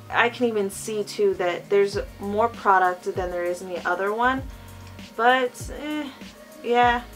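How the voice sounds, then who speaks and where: A woman's voice: mid-range voice, a bit bright. A woman with a lisp giving a chatty, gushing makeup review as a vlogger, talking casually with lots of fillers. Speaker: beauty vlogger.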